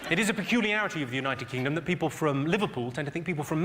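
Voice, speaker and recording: A man's voice: fairly high pitch, lively intonation, very fast. A middle-aged man doing stand-up comedy, dry and crude as he teases the audience. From England. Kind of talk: stand-up comedy with crowd work. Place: comedy venue on stage. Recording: live show with loud crowd noise.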